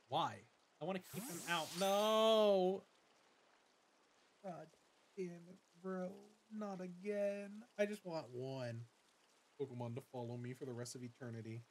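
A young man streaming a game, commenting in an excitable, gushing way with swearing and dramatic self-mockery. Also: a little high, a little slow, slight background noise. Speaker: gaming streamer. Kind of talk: let's play commentary.

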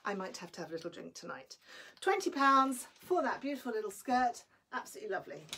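A woman's voice: mid-range voice, sing-song, fast talker, bright, forceful tone, a little hiss or hum. A woman selling clothes on a live stream, chatty and enthusiastic, a little breathless. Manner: chatty and enthusiastic, greets viewers by name. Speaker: online clothing seller.

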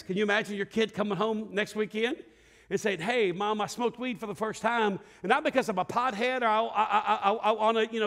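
A middle-aged male pastor preaching a sermon to a congregation in a church, telling stories with acted-out voices and asking the room to respond. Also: high voice. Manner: lively storytelling preacher, acts out voices and shouts. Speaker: lead pastor. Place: church sanctuary before a congregation.

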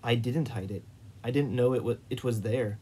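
Snappy sarcastic young woman, read by a guy, mellow voice. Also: mid-range voice, moderate pace, a little hiss or hum, lightly acted.

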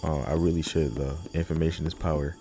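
A man's voice: extremely low pitch, little pitch movement, a little fast, background noise. A man doing casual, joking let's-play commentary, rambling and tossing in playful noises as he plays. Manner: joking, rambling, playful mutters and sound effects. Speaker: gaming YouTuber.

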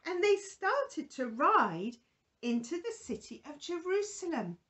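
A woman presenting a children's Bible story, gently asking a puppet questions in a sing-song way. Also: very high-pitched.

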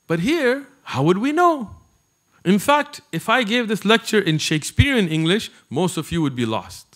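A man giving an animated religious lecture to a live audience, talking conversationally and turning to the listeners with asides. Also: sits high, normal speed. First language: not Arabic. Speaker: Islamic preacher.

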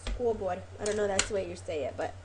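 Speaking very fast in a mid-range voice over background noise, a craft video host talks through a casual tutorial. She rambles, says um a lot, corrects herself, and sniffles slightly from a cold.

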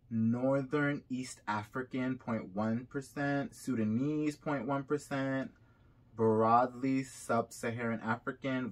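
A young Haitian-American man vlogging casually, reading results aloud with chatty asides while a bit sick. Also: medium pitch. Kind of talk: casual vlog reaction.

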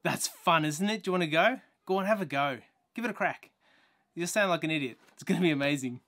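A man's voice: fairly high pitch, animated, quick pace, a bit bright. Chatty Australian man, playful demonstrator. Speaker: video tutorial presenter. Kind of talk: casual how-to demonstration. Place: home kitchen, indoors. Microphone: laptop built-in mic.

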